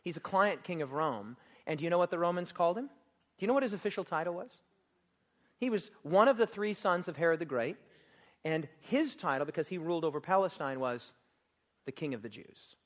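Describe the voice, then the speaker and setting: A man preaching a sermon, lively and jokey, acting out scenes and laughing often. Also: fairly high pitch, fairly quick.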